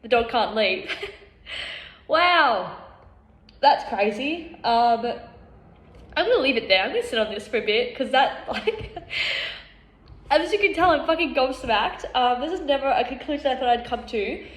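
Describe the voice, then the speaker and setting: A woman speaks to camera in a blunt, unguarded monologue about herself, swearing freely and laughing often. Her voice sits a little high. The room around her is noticeably echoey. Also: animated, a little slow, pauses often. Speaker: vlogger. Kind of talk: candid self-reflective monologue.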